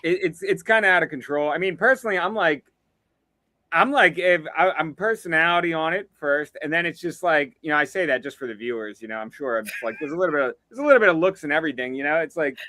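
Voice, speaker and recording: A man's voice: fairly high pitch, lively intonation, quick pace, bright, forceful tone, dry recording. A man chatting as a comedy guest, laid-back and rambling with lots of fillers. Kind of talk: casual comedic chat.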